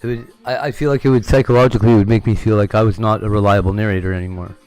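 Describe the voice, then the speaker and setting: A man's voice: on the low side, fairly even intonation, racing, darkish tone, clear, resonant tone, faint music behind. A man chatting casually on a livestream, rambling and candid, swearing freely. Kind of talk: casual chat.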